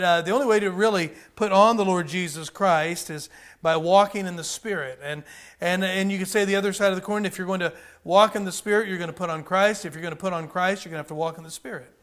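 A man's voice: high-pitched, fairly bright tone. A man preaching a sermon in a folksy way, repeating phrases and using many fillers. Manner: calls people up for a live demonstration.

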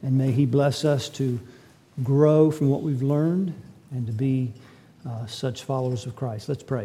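A man's voice: medium pitch, unhurried, warm tone, slightly rough. A man preaching a sermon as pastor, emphatic and full of rhetorical questions.

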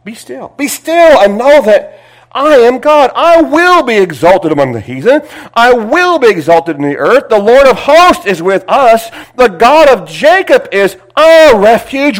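High-voiced preacher swinging loud to hushed. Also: male voice, big pitch swings, a little slow, low-quality recording. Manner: swings between loud emphatic reading and hushed asides; repeats phrases, drags out words for emphasis. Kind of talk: sermon with scripture reading.

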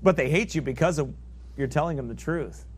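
A man preaching a sermon, fervent and emphatic, swinging from loud peaks down to low asides and reading scripture in old biblical wording. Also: fairly quick, a little hiss or hum.

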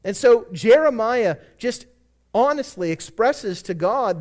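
A man's voice: very high voice, expressive, slow, a little mellow. A man preaching a sermon as a pastor, reading scripture passages aloud and stressing key words with earnest emphasis.

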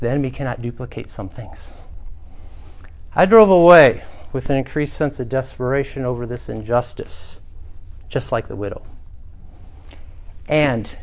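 Middle-aged man, pastor, sermon delivery, earnest and emphatic, mid-range voice. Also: mid-range voice. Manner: earnest storytelling with emphatic swells.

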